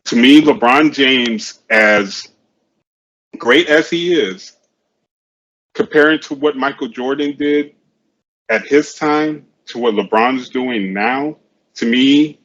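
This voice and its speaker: A man's voice: mid-range voice, slow, pauses often, a bit bright, highs cut off, a little hiss or hum. A man co-hosting a casual sports chat show, rambling and often repeating himself. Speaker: podcast co-host.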